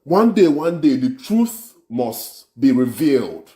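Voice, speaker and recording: A man's voice: mid-range voice, big pitch swings, slow pace, few pauses, warm tone, echoey room. A man with a Nigerian accent scolding and boasting in a social media video rant. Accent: Nigerian Pidgin-inflected English.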